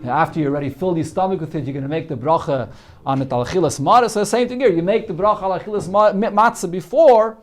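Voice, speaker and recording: Talmud teacher man, higher-pitched voice. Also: fast. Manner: explains Aramaic text line by line with many fillers. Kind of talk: daily Talmud class.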